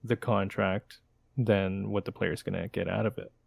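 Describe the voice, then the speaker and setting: A man's voice: low-pitched, fairly even intonation, moderate pace, vocal fry, slightly rough, no echo. A man co-hosting a football podcast in casual chat, thoughtful, searching for words and correcting himself. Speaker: podcast co-host.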